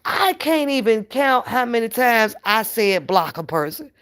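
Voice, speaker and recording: A woman hosting her own channel in a casual, profane livestream rant, animated and laughing often. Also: a little high, measured pace, clear, resonant tone. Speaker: channel host.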